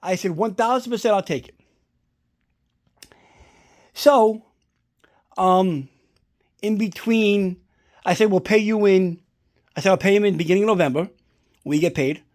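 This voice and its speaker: A man's voice: sits high, normal speed, long pauses, a little mellow. A man talking casually at home, rambling through a story and swearing often as he shows off a collectible prop. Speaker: collector showing a movie prop. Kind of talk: casual unboxing vlog. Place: indoors at home.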